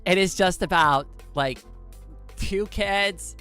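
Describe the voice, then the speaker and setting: Excitable giggly woman streamer. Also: on the low side, slow, clean tone, soft background music. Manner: excitable, giggly, says "like" a lot. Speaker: live streamer. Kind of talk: casual live-stream chat.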